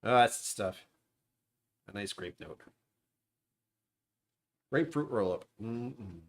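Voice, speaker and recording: Low-ish guy rambling on his home stream, sarcastic and self-deprecating, just chatting into his mic. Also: lively intonation, slow pace. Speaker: livestream host. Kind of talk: rambling casual livestream chat. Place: at home, dishwasher running nearby.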